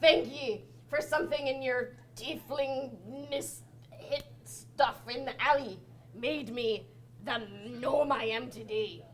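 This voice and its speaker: A woman's voice: high-pitched, slow pace. A woman voicing a boozy, cheerful male gnome pirate who talks in old pirate speech. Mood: boastful. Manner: pirate talk with "ye" and "be".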